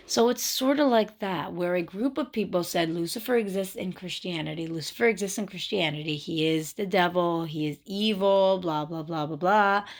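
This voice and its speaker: A woman's voice: lowish voice, creaky. A woman hosting her own channel, explaining her spiritual beliefs in a casual, thinking-aloud way, often restarting and repeating phrases for emphasis. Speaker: witchcraft channel creator. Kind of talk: casual spoken explainer to camera.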